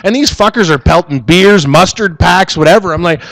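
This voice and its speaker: A man's voice: high voice, normal speed, creaky, fairly bright tone, no room sound. A man co-hosting a podcast in casual banter, rambling through stories, swearing and laughing a lot. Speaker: podcast co-host.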